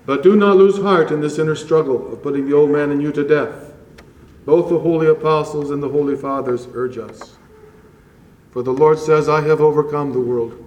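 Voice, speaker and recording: A man preaching a sermon to his congregation in slow, measured phrases, rising strongly on key words and dropping to a hush. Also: fairly high pitch, roomy sound, a little hiss or hum, low-quality recording. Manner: slow, measured preaching with dramatic rises and hushed drops. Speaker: pastor.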